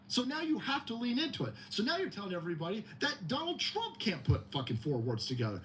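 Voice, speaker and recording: A male livestream host, mocking and swearing through a comedic rant, with a high, lively voice that jumps around. Faint hiss sits underneath. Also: a little fast, few pauses. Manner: mocking, heavy swearing, animated.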